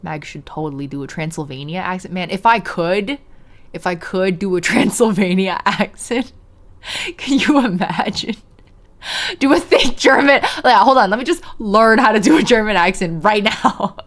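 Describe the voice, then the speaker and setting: A woman's voice: medium pitch, moderate pace. A woman streamer chatting with her viewers, giggling often and reading visual novel prose aloud with a dramatic lilt. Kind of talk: casual let's-play chat, reading a visual novel aloud.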